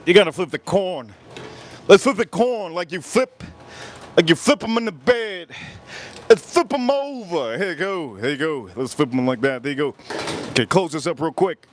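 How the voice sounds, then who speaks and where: A man with a slightly high voice hosts a live stream from an outdoor grill. He rambles and jokes, now and then breaking into loud shouted asides. There is a faint hum of outdoor ambience behind him. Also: lively intonation, moderate pace. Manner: jokey, rambling, bursts into shouted bits. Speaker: livestream cooking host.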